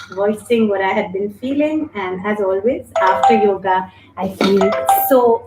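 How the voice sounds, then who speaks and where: A woman hosting a live online yoga class, calmly guiding breathing exercises, then chatting warmly with viewers. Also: mid-range voice. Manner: calm, gentle and slow while guiding breathing. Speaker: yoga instructor and host. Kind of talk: guided yoga instruction and live chat. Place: home, indoors. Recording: echoey room with faint noise.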